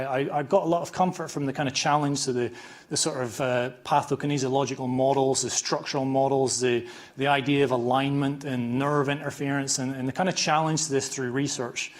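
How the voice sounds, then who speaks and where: A man with a scratchy voice and a Northern Irish accent, giving an informal, self-deprecating conference lecture in a hall, restarting his sentences often. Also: mid-range voice. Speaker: conference speaker, chiropractor.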